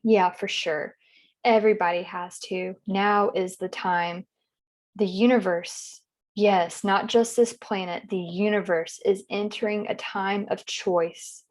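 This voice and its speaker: A woman as a session client, describing visions in a dreamy, halting and emotional way while in trance. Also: medium pitch, steady tone. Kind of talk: narrating a guided trance session.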